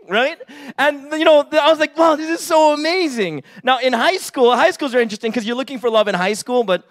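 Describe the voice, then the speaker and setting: A pastor in his forties delivers a casual sermon built on personal stories, his very high voice animated and brisk. He's chatty, sprinkling in fillers and "right?" asides, and acts out the quotes.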